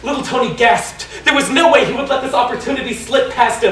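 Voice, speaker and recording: A man with a fairly high voice reads a comic short story aloud, tripping over a word now and then. He sounds distant and roomy, with a faint noise bed. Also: fairly quick. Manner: lively reading with small stumbles. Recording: echoey room, distant mic, faint noise.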